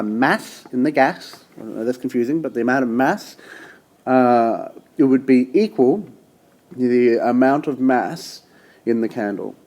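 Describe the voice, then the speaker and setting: A man's voice: medium pitch, darkish tone. Chatty male teacher explaining at a board. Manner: chatty, repeats and restarts, checks in with "okay?". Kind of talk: casual classroom explanation.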